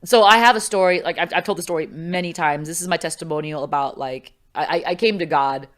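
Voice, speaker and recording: A woman's voice: deep voice, fast. A middle-aged woman talking casually as an interview guest, telling a personal story with lots of fillers and acted-out voices. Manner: animated, acts out quoted voices, many fillers. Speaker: podcast guest.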